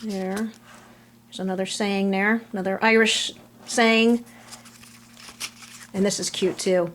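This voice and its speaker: A middle-aged woman chatting casually through a scrapbook album, relaxed, trailing off between items, recorded on a camera mic at home. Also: mid-range voice, slow pace, a little hiss or hum. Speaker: crafter showing a scrapbook album. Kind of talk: casual show-and-tell narration.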